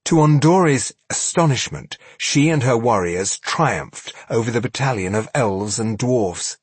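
Slow, husky male fantasy narrator. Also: mid-range voice, expressive, dry recording. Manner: dramatic, measured storytelling. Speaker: audiobook narrator.

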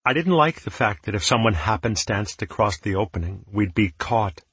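A man narrating a first-person story as an audiobook narrator, in an even, measured reading. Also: lowish voice, slightly rough, dry recording.

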